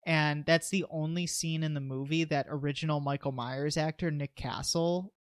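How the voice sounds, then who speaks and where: A man's voice: on the high side, fairly even intonation, normal speed, no room sound. A man co-hosting a podcast, chatting casually through a movie recap with eager asides. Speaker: podcast co-host.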